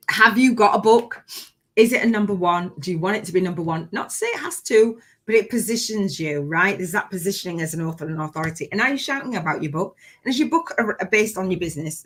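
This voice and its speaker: A woman with a slightly low-pitched voice hosts a casual live stream as a business coach. She talks in a chatty, excitable way and breaks into bursts of cheering. She speaks to a webcam setup. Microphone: webcam setup with ring light.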